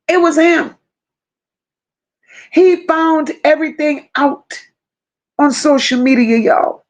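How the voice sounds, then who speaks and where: A woman's voice: high-pitched, slow pace, long pauses. A woman hosting a live stream, reading viewer comments and reacting with emphatic repetition. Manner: emphatic, repeats phrases, chats to viewers by name. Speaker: host reading live chat.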